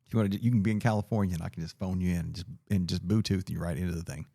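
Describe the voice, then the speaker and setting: A man hosts a relaxed podcast chat, laughing easily and cussing without a second thought. His voice sits low and is recorded close and dry on a podcast mic. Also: rapid-fire, vocal fry, dry recording. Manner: laid-back, laughs often, swears freely. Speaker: podcast host. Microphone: podcast mic on a mixer.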